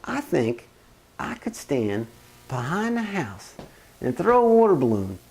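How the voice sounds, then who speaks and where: Animated man telling a family story. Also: unhurried, breathy edge. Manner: animated, with big swings in pitch and loudness. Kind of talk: casual first-person storytelling.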